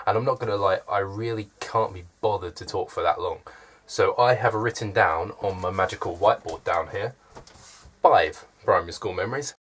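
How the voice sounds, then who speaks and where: In his early 20s, this vlogger chats to camera from his room with dry, self-deprecating humour. His voice sits fairly low and has a slightly bright quality.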